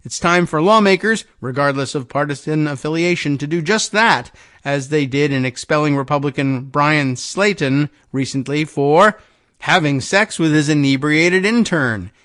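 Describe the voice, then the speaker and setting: Guy host reading the news, kinda high voice, dead dry sound, sarcastic side comments. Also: normal speed, fairly bright tone, dry recording. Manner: sardonic, wry muttered asides.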